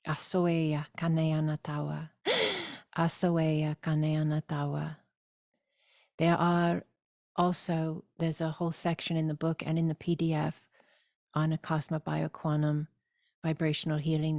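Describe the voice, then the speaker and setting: A woman leading a spiritual course, speaking deliberately and soothingly with loud gasping inhales and repeated phrases. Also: deep voice, gravelly, dry recording, studio quality. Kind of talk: slow guided spiritual teaching.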